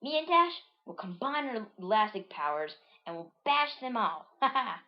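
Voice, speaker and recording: A woman voicing a short, boastful male sidekick from a comic in a squeaky, bouncy voice. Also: sing-song, normal speed, highs cut off.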